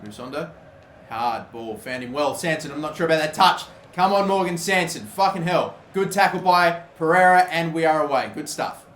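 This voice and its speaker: Excitable swearing young man. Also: a little high, normal speed, echoey room. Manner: swearing, shouting at big moments. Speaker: gaming commentator. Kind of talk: live video game commentary.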